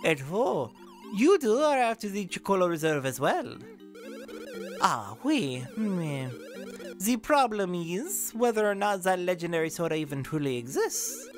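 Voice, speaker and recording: A woman's voice: lowish voice, wildly swooping pitch, measured pace, faint music behind. A woman voicing a pompous male craftsman with a put-on fake French accent, flowery and theatrical.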